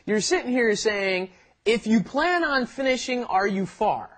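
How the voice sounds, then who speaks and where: A native English-speaking man co-hosts a Korean lesson podcast, explaining phrases chattily and laughing along the way. His voice sits high and is a bit bright, with lively intonation and an unhurried pace.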